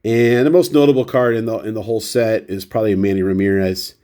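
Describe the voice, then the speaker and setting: Fast-talking and mellow, this baseball card vlogger has a fairly low, steady voice and a runny, stuffy nose. He rambles through his stack of cards in casual chat, holding each one up in turn and making self-deprecating jokes.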